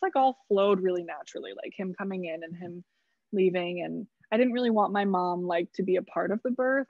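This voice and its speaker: In a casual podcast conversation, a young woman shares the story of giving birth, chattering along with lots of "like" and the odd curse word. She has a mid-range voice, captured in a dry, slightly dull recording.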